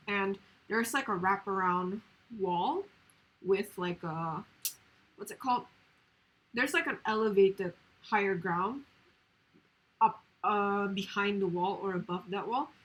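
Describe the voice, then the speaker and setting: This is a woman's husky voice, slightly rough and never quite clear. She is a streamer in casual chat, telling her viewers a story in a rambling way with plenty of fillers. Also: medium pitch, a little slow, fairly bright tone, low-quality recording.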